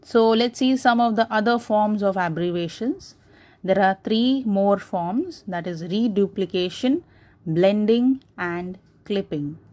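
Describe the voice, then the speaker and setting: A woman's voice: mid-range voice, a little slow, darkish tone. A woman teacher with an Indian English accent, patiently explaining grammar to schoolchildren with many repeated examples. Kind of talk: classroom grammar lesson.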